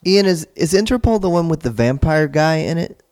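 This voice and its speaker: A man hosting a podcast chat, relaxed, asking short questions and dropping dry asides. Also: on the high side, fairly quick. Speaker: podcast host.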